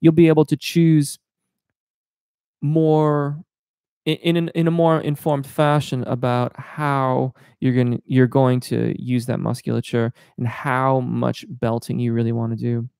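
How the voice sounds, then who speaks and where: Male voice coach for live Q&A: gravelly, dry close sound, explanatory, technical, lots of ums. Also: mid-range voice, little pitch movement, measured pace, dark tone, dry recording. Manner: explanatory, technical, many filler words. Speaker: voice teacher. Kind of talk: live-stream Q&A, reading chat questions aloud.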